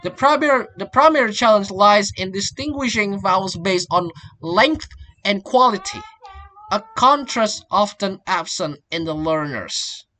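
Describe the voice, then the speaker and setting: A young man, a student giving a class presentation, halting and often restarting his phrases. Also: high-pitched, expressive, sharp tone. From Indonesia. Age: young adult. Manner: halting, repeats and restarts phrases, links points with "and then".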